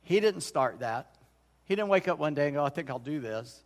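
This middle-aged pastor has a fairly high voice with lively intonation and a moderate pace. Preaching in a church sanctuary, he keeps things folksy and chatty, often backing up to restart a sentence. The recording carries a long church-hall echo.

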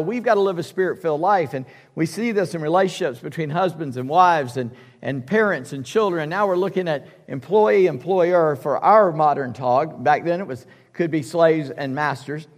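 High-voiced pastor preaching in a reverberant hall. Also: male voice. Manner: emphatic, conversational preaching with asides. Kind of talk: sermon. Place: church sanctuary.

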